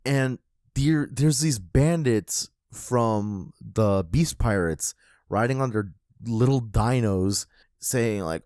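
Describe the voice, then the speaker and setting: A man co-hosting a casual podcast, talking at a middle pitch. He tells the story with excitement and plenty of profanity. The recording is close and dry, with no room sound. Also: slow pace, dry recording. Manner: profane, animated retelling of a comic. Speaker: podcast co-host. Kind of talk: casual chat.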